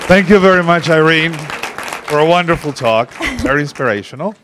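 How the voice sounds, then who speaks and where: A man's voice: fairly high pitch, animated, brisk, crowd noise, background noise. A man moderating an event, thanking the speaker and announcing questions formally.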